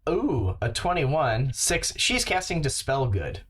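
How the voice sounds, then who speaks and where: Game master, male, slow unhurried delivery with a lively pitch. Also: slightly rough. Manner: relaxed, halting, with many fillers. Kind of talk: running a tabletop game over voice chat.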